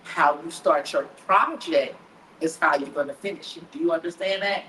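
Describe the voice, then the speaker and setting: A woman hosting a podcast, giving a motivational talk in an animated, preachy way, often acting out people's inner voices. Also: sits low, normal speed, a little hiss or hum. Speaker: podcast host. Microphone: live stream setup. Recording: echoey room with faint ambience.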